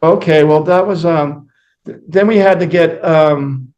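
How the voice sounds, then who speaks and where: A man's voice: fairly high pitch, measured pace, darkish tone, lo-fi sound. A man, a musician guest in an interview, telling rambling anecdotes with many fillers and acted-out quotes. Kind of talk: casual storytelling interview.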